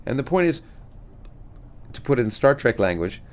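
A middle-aged male physicist and author being interviewed, talking with animated enthusiasm and many restarts. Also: mid-range voice, normal speed. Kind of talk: conversational interview, reading aloud from his book.

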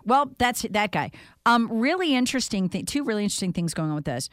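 A woman's voice: medium pitch, big pitch swings, quick pace, no room sound. A woman hosting a talk show, speaking in an indignant, sarcastic way. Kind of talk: opinionated talk radio chat.

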